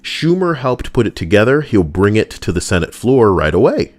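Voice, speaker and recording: A man's voice: lowish voice, very animated, normal speed. A man hosting a livestream, reading posts aloud and riffing on them with crude, sarcastic commentary into a close desk mic. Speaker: livestream host.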